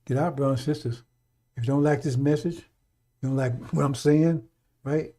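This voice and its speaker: A middle-aged man delivers a fiery, improvised radio sermon with blunt, profane exhortations that circle back to the same warning. His voice sits a little high for a man. The tone is mellow and dark rather than bright. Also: steady tone, moderate pace, slight background noise. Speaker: radio preacher.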